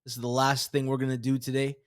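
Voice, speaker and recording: A man's voice: mid-range voice, monotone, fast talker, no room sound, clean studio sound. A man hosting an interview podcast, chatty and casual, often stammering as he restarts lines. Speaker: podcast host.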